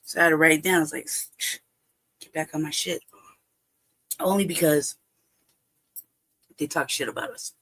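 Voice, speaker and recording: A mid-pitched host on a home livestream rambles through a personal story in casual talk. The speech is full of cursing and frequent laughter, and the speaker plays out both sides of a remembered conversation. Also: fairly even intonation, normal speed, pauses often, a bit bright.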